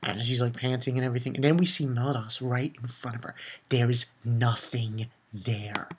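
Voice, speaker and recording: A man giving a casual spoken review of a comic chapter, retelling it excitedly with swearing and lots of fillers. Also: medium pitch, moderate pace, noisy background. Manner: excitable, loose and profane, with many fillers. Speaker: manga reviewer.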